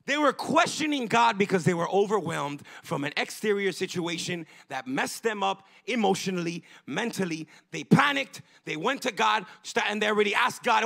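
A male pastor delivering a fervent, emphatic sermon that rises into bursts of shouting. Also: high voice, animated, moderate pace, vocal fry, hardly any pauses. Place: church.

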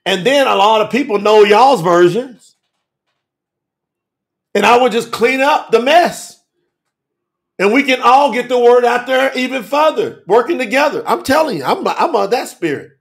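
A man preaching an emphatic, folksy sermon, repeating himself and dropping to a low murmur for effect. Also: lively intonation, moderate pace. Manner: emphatic, repetitive, folksy and direct, with sudden drops to a low murmur. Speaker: preacher teaching scripture. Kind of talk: fiery sermon to a live stream audience.

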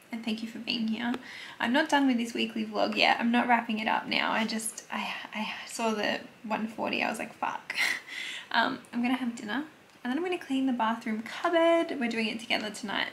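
A woman's voice: fairly high pitch, steady tone, a little fast, gravelly, a bit bright, a little hiss or hum. A young woman in her twenties, vlogging casually at home into a phone camera, chatty and confiding, swearing now and then. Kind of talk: casual vlog chat to camera.

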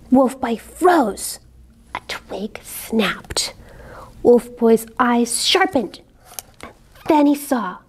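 A woman librarian reading a picture book aloud to children, expressive, dropping to whispers for suspense and asking the kids questions. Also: sits high, slight background noise.

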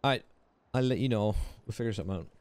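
A man's voice: on the low side, very fast, a little mellow, dry recording. A man playing a character in a game roleplay, casual and slangy. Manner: casual slangy, laid-back. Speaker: roleplay player.

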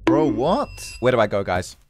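A man with an English accent giving jokey, excitable horror gameplay commentary and talking to his viewers. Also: medium pitch, measured pace, soft background music. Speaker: gaming YouTuber.

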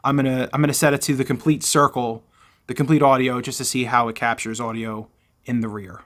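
A man's voice: mid-range voice, level tone, brisk, a bit bright. A man in his forties casually reviewing gear, rambling and correcting himself, recorded at a table in a room at home through a camera-mounted shotgun mic. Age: 40s. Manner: rambling, self-correcting, chatty.

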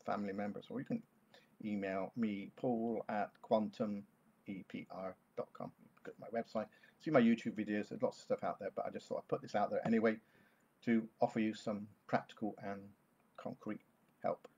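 A man who works as a therapist, explaining a calming technique to parents in a gentle, reassuring talk to camera. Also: fairly low pitch, brisk, gravelly, husky, highs cut off. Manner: gentle, reassuring, repeats soothing words. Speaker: therapist offering online sessions.

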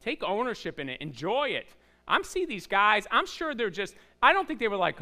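A man pastor preaching a sermon in a church, telling the story with lively voiced asides and rhetorical questions to the congregation. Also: sits high, moderate pace. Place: church sanctuary.

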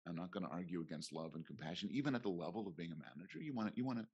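A man's voice: low-pitched, expressive, very fast, darkish tone, husky, muffled recording. A middle-aged man, a professor, talking reflectively in a conference interview and acting out little quoted exchanges. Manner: reflective, acts out quoted voices. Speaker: guest professor.

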